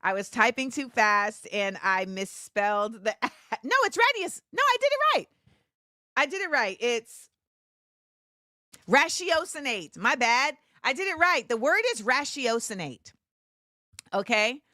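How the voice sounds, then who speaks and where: A woman hosting a live show, chatting casually with viewers and shouting them out with bursts of excitement. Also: fairly high pitch, unhurried, no echo, clean studio sound. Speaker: livestream show host.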